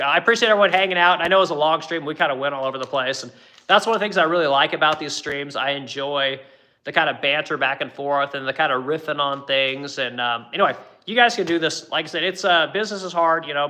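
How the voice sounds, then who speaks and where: Middle-aged shop owner, rather high voice with a sharp, forceful edge, swears a lot and goes on rants to his stream viewers. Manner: blunt, profane, ranting. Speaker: furniture business owner. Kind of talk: livestream chat with viewers.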